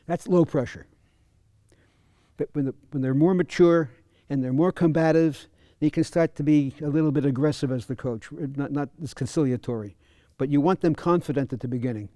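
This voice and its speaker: Brief: male fencing coach at a clinic, mellow tone, fairly high voice, halting and repetitive. Dry sound. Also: no echo. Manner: halting, repeats words, chuckles. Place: fencing center.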